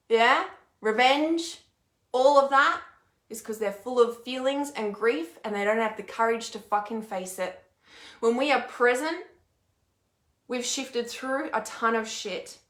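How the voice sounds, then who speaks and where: A woman's voice: fairly high pitch, sharp tone, echoey room. A woman hosting a casual live stream, reading out viewer comments and talking bluntly with frequent swearing. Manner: blunt, swears freely, rants with emphatic repetition. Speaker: intuitive healer and mentor hosting a live stream.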